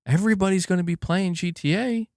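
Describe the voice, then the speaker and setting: Young male gaming host, high animated voice, exasperated and profane rant, dry close recording. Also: fast talker, no room sound. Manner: exasperated, swears often, restarts sentences, mocks with put-on quotes. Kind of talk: heated solo rant.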